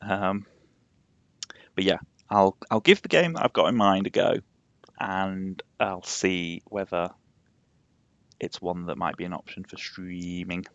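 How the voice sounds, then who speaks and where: A young man with a deep, fairly bright voice and a slightly posh Yorkshire accent from England chats in a rambling way on a game live stream, laughing often. He speaks a little slowly with long pauses. The recording has no echo and the highs are cut off.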